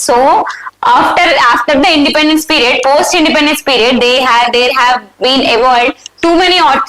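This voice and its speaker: A woman with an Indian English accent and a high voice runs a live exam review. She reads the options aloud, asks her students for the answer and confirms it. Her voice rings in an echoey room. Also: fairly bright tone. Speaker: exam prep teacher.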